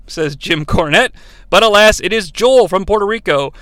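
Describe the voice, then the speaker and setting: A man's voice: high voice, animated, moderate pace, sharp tone, no echo. A man hosting a podcast, recapping an old broadcast in a casual way with wry, chuckling asides to his listeners. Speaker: podcast host.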